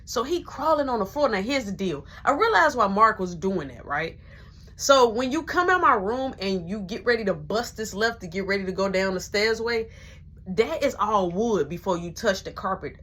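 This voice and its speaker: Husky young woman telling a storytime. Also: medium pitch, expressive, moderate pace, a bit bright. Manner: profane, slangy, drops into whispers when quoting people. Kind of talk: casual storytime monologue.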